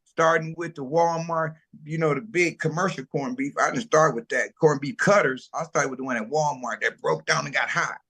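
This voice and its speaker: A fairly high, slightly rough voice runs at normal speed with hardly any pauses as a middle-aged food truck owner talks through his business story. The interview is casual, and he's an animated, slangy narrator who acts out quoted voices.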